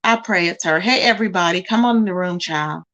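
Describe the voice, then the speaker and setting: A woman's voice: lowish voice, a little fast, fairly bright tone, muffled recording. A woman hosting a casual livestream, chatting straight to her viewers and calling them "y'all" and "child". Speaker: livestream host.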